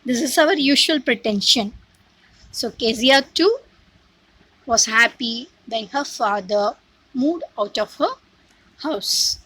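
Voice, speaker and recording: A woman teacher retelling a story to a class in a slow, pausing way, speaking to the students as "we". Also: on the high side, expressive, sharp tone, slightly rough, no room sound, rough recording. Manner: slow, with many "uh" pauses, speaks to the class as "our" and "we".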